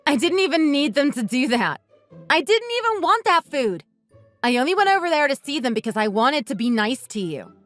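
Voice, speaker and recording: A woman voicing a high, accusing wife. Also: sing-song, fairly quick, fairly bright tone, faint music behind. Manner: accusing, resentful, blunt. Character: bitter wife divorcing her uncaring husband. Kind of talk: text-message story dramatization.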